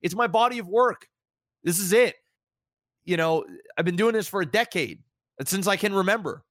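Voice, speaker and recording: A man's voice: normal speed, no room sound, clean studio sound. A man in his thirties, a podcast co-host and streamer, talking candidly and reflectively in casual chat. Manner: candid, reflective, animated rises in pitch.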